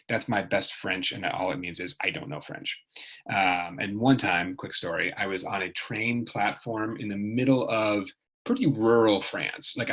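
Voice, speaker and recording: A man gives a relaxed video lesson, rambling along with plenty of ums and restarts. His voice sits very low yet sounds bright and a little husky. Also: poor audio. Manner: rambling, chatty, many fillers and restarts. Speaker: tutor.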